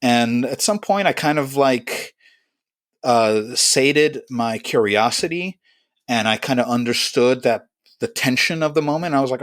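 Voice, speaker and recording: Guy in his 50s from chile, thoughtful storyteller, dry close sound, mid pitch. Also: no room sound. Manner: reflective, unhurried, recalls memories in vivid detail. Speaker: guest musician. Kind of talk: conversational interview storytelling.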